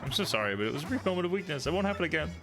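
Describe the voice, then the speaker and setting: A sheepish little thief from a video game begging forgiveness, voiced by a man. The voice is raised above his usual pitch and sounds pleading and quick. Game music plays behind. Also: very animated, vocal fry. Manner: pleading, apologetic. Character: sheepish male stew thief, apologetic.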